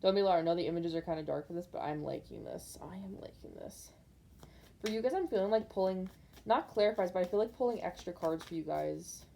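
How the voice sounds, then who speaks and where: Mellow-voiced woman giving a tarot reading. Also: lowish voice, lively intonation, fast, vocal fry, a little hiss or hum. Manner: rambling, filler-heavy, speaks intuitively to viewers. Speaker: tarot card reader. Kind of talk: casual pick-a-card tarot reading to camera.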